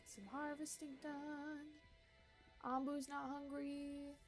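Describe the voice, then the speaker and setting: Girl streamer chatting over her game, high voice, laughs a lot, soft game music behind. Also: flat delivery, slow pace. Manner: chatty, self-mocking, laughs often. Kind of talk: casual gameplay commentary.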